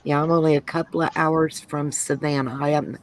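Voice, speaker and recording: A woman's voice: deep voice, a little fast, rough recording. A woman from Georgia co-hosting a craft live stream, reading viewer comments aloud. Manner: relaxed, reads out comments.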